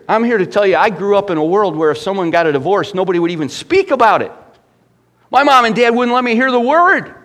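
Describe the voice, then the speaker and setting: A middle-aged man preaching a sermon with rising fervor and asking the congregation rhetorical questions. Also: medium pitch. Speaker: pastor.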